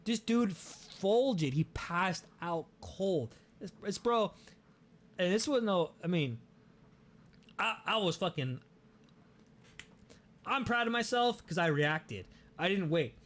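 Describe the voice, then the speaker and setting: Animated, swearing young man telling a story. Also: high voice, takes it slowly, long pauses. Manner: animated, profane, many restarts. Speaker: podcast host. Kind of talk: casual storytelling.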